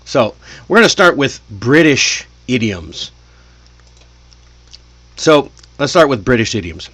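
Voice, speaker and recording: An American man teaches English idioms casually and keeps turning to the listener with little questions. His voice sits at an ordinary middle pitch. The sound is dry and close, with no room echo. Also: very animated, takes it slowly, pauses often, fairly bright tone, slightly rough. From United States. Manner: chatty, asks the listener questions.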